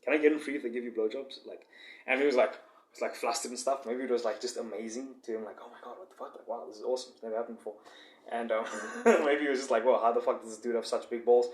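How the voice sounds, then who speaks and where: Young man, boastful, rambling, filler-heavy, mid-pitched voice, roomy echo. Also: steady tone, fast. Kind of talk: casual vlog monologue.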